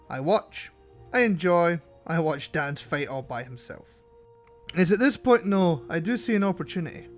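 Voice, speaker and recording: A man narrating gameplay commentary as a channel host, wry and self-mocking. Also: a little high.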